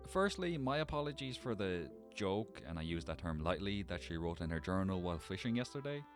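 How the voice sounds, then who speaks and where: Man, low voice, animated delivery, wry scripted game narration, faint music behind. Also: brisk. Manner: wry, dry humor.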